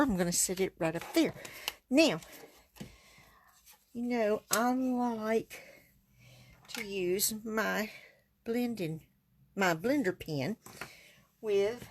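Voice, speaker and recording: A woman's voice: mid-range voice, background noise. A woman chatting in a folksy way as she demonstrates card stamping on a livestream. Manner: folksy, chatty, talks while working. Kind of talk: casual craft demonstration.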